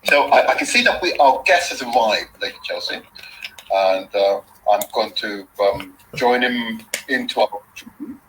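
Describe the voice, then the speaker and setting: Bright-voiced male talk show host. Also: lowish voice, expressive, unhurried, slight background noise, low-quality recording. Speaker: interview host. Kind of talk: online interview talk show.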